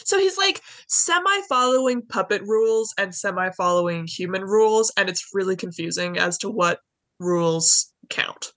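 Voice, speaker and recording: A woman's voice: mid-range voice, animated, normal speed, a bit bright, dry recording. A young woman co-hosting a podcast, casually retelling a story in a chatty, rambling way with lots of "like" and "anyways". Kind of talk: casual chat.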